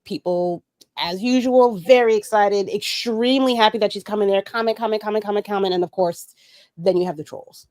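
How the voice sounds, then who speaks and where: A woman's voice: mid-range voice, fairly quick, darkish tone, no room sound. A woman guest on a podcast, ranting in a heated, profane and emphatic way during a casual talk.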